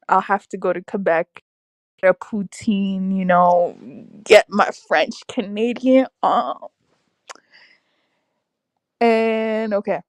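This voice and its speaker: A young woman hosting a casual livestream, reacting aloud to her chat with lively, exclamatory talk. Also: medium pitch, no echo. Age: young adult. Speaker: livestream host reading chat. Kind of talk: casual live-stream chat.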